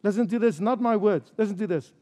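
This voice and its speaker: A man's voice: high voice, fast, darkish tone. A male pastor preaching a sermon in a church service, stressing his points with rhetorical questions and repeated phrases.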